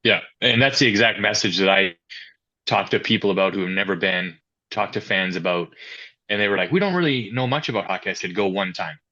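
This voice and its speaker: Interview guest: a man with a low, forceful voice who tells stories in a conversational way. The recording sounds dull. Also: fairly quick. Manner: storytelling, quoting others in animated asides. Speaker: hockey youth and amateur coordinator. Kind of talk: podcast interview answers.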